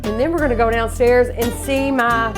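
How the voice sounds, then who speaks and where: A woman's voice: fairly high pitch, steady tone, moderate pace, over music. An older woman hosting a cooking show, chatting and gushing enthusiastically while she eats. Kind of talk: casual cooking show talk.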